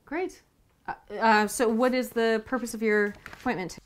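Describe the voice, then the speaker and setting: A woman playing a weary young doctor in a comedy sketch, halting and hesitant in her answers. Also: a little high, steady tone, lightly acted. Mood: awkward. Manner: hesitant, halting, then stern. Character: weary, stern female doctor, young adult.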